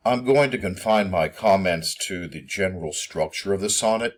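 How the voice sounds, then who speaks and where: A man giving a poetry lesson, reading verse slowly and filling his explanations with ums and uhs. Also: low-pitched. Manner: hesitant, many ums and uhs; slow, measured reading of verse. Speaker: teacher. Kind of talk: poetry lecture.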